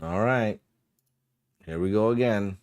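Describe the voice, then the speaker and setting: A man narrating as game master of a tabletop game, unhurried and descriptive, with frequent ums. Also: on the low side, darkish tone, no echo.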